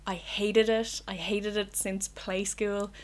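A woman's voice: medium pitch, level tone, takes it slowly. A young woman with an Irish accent, hosting a solo podcast from her bedroom in a candid, rambling way, swearing freely. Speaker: podcast host. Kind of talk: casual solo podcast chat.

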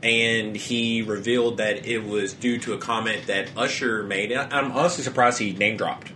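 Young man, podcast co-host, casual rambling chat, profane, bright voice, faint background noise. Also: lowish voice, fairly even intonation, normal speed. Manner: rambling, profane, frequent restarts.

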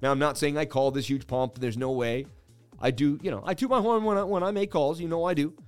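A man's voice: on the high side, fast talker, clean tone, faint music behind. A man in his thirties hosting a crypto trading livestream, rambling through charts in casual chat and laughing at his own jokes.

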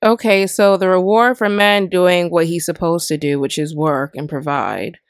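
A woman's voice: fairly low pitch, moderate pace, no room sound. Exasperated woman ranting into a dry mic. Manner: exasperated, fires rhetorical questions. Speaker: podcast host. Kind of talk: opinionated commentary rant.

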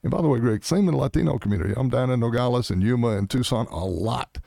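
Brief: middle-aged male political guest, gravelly and dark-toned, blunt and emphatic. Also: mid-range voice, fast talker, dry recording, studio quality. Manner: blunt, emphatic, punchy short commands. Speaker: Senate candidate guest. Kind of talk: political interview.

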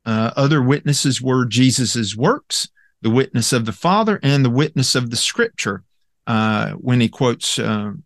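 A man's voice: mid-range voice, expressive, measured pace, no room sound, studio quality. A man teaching a Bible study lesson in a conversational way, with many fillers and restarts as he quotes scripture.

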